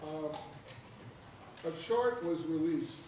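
A man's voice: on the high side, animated, takes it slowly. A man serving as a state senator, questioning a witness at a hearing in a folksy, joking, long-winded way. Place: legislative hearing room. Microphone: table microphone, at first switched off. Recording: echoey distant hearing-room audio with noise.

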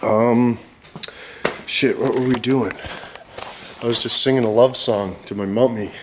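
A man's voice: mid-range voice, fairly even intonation, measured pace. A young man with an ordinary mid-range voice rambles through a workshop job, cracking jokes and swearing constantly. A light hiss sits under his talk. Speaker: vlogger. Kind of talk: profane casual chat while working.

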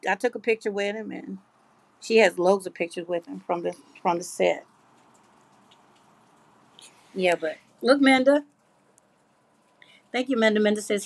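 A woman's voice: medium pitch, measured pace, vocal fry, pauses often, dry recording. A middle-aged woman, hosting a live craft stream and chatting casually with her viewers as she reads their comments. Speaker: craft livestream host. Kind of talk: casual livestream chat.

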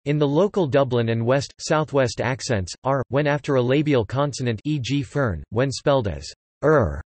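A synthetic male text-to-speech voice reading an encyclopedia article in an even, machine-like way. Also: mid-range voice, normal speed, dry recording. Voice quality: flat, machine-like delivery with odd pronunciations.

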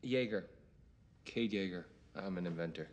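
An actor playing a brash, sarcastic American inventor. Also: male voice, sits low, moderate pace, soft background music.

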